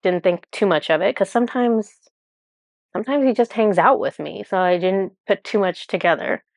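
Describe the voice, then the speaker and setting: A woman's voice: lowish voice, dry recording, clean studio sound. A woman with two small children tells viewers a personal spiritual experience in a casual, rambling way, full of "like" and self-corrections. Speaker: spiritual channeler telling a personal story.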